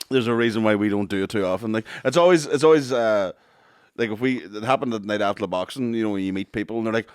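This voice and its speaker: Deep-voiced man, dry sound. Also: fast, smooth, dry recording. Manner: swearing, laughing, rambling. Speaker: podcast co-host and comedian. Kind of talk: casual banter.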